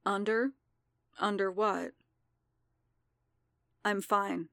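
A woman voicing a guarded, ashamed male warrior in a story reading, speaking softly and apologetically. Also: mid-range voice, fairly even intonation, very slow, vocal fry, no room sound, exaggerated voice. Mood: subdued. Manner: soft, muted, apologetic. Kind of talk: audiobook fan fiction reading.

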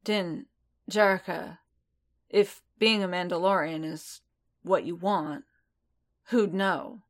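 A woman voicing a gruff, protective male bounty hunter who grumbles and presses gently in a fan fiction audiobook. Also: fairly low pitch, fairly even intonation, slow pace. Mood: soft.

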